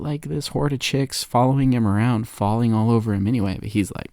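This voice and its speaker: A man's voice: mid-range voice, brisk, vocal fry, darkish tone, no echo, studio quality. A man on a podcast giving a rambling, sarcastic comedic recap of a movie. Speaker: podcast co-host.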